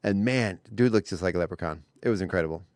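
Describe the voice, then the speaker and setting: A man co-hosting a radio morning show, chatty and quick to laugh, telling stories and reading facts. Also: deep voice, a little mellow, dry recording, clean studio sound. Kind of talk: casual radio banter. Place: radio studio. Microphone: studio microphone.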